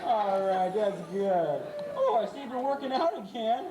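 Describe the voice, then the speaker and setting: A man's voice: sits high, big pitch swings. Male stage trainer, teasing showman patter, taped from afar in a noisy, roomy venue. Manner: playful, jokey, gives quick dog commands. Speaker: animal trainer and show host. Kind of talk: live stage show patter. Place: live animal show before an audience. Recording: echoey, distant, crowd noise, amateur camcorder. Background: audience cheers and laughter.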